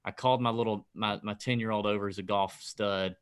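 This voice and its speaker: Animated ranting man on a podcast. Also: fairly low pitch, fairly quick, smooth. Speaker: podcast co-host. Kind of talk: casual betting podcast chat.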